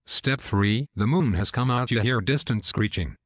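A text-to-speech program voicing a plain male narrator with flat, even, machine-read delivery. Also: mid-range voice, normal speed, no room sound, studio quality, lightly acted.

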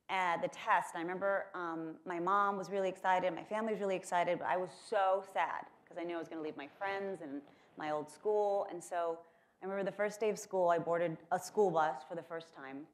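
A woman from Texas giving a keynote speech, telling chatty, self-mocking stories with lots of fillers. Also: fairly low pitch. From Corpus Christi, Texas. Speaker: keynote speaker. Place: lecture hall at a conference.

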